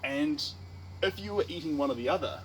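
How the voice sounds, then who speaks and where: A man's voice: fairly high pitch, lively intonation, brisk, fairly bright tone, slight background noise, low-quality recording. A man with a New Zealand accent, an artist chatting casually on a livestream while he paints, rambling and playful. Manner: rambling, playful, full of restarts and tangents.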